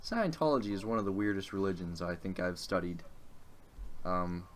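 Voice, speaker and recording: A man's voice: low voice, animated, normal speed, slight background noise. A young man co-hosting a casual podcast chat. He rambles, hesitates and swears often. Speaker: podcast co-host.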